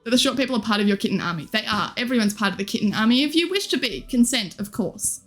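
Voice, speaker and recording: A woman's voice: fairly high pitch, expressive, quick pace, a bit bright, faint music behind. A young woman in her twenties, live streaming and chatting casually with viewers in a bubbly, giggly, teasing way. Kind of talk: casual chat reading viewer comments.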